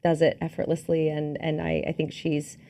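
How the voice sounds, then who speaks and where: A woman co-hosting a movie podcast, talking casually with many pauses and restarts. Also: low-pitched, monotone, dark tone. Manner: hesitant, laughs often, many fillers. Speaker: podcast co-host. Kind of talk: casual movie review chat.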